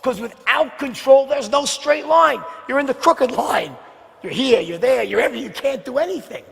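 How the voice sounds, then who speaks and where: A man giving a live sales seminar, talking straight to the audience with rhetorical questions and swinging between loud bursts and hushed near-whispers. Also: very high voice, moderate pace, vocal fry, big-room sound.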